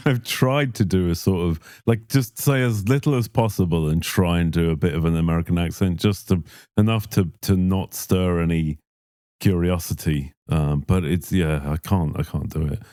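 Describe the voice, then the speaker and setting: A man's voice: sits low, normal speed, warm tone, no echo, clean studio sound. A middle-aged man from Australia co-hosting a podcast, easygoing and agreeable, chiming in with plenty of yeahs. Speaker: podcast co-host. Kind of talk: casual chat.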